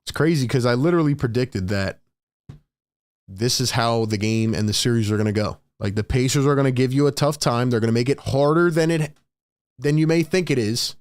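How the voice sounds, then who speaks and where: Young male stream host calling plays live; smooth, clear, dry close-mic sound, rises on big plays. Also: mid-range voice, darkish tone, dry recording. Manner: reads chat aloud, rapid play calls, rises on big plays. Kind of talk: casual live play-by-play commentary.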